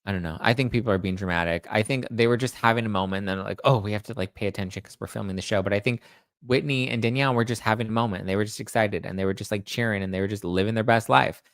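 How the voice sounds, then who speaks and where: A man's voice: fairly low pitch, rapid-fire, fairly bright tone, no room sound. A man hosting a celebrity gossip show, chatting casually in a rambling way and reading out viewer comments. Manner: rambling, chatty, restarts and self-corrects. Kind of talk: casual chat.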